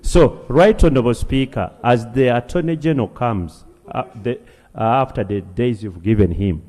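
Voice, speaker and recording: A man's voice: mid-range voice, moderate pace, dark tone. A man with a Ugandan English accent addressing parliament, speaking with mounting, emphatic outrage. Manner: impassioned, rising to emphatic outrage. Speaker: legislator. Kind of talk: parliamentary speech. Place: parliament chamber. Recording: long reverb of a large chamber.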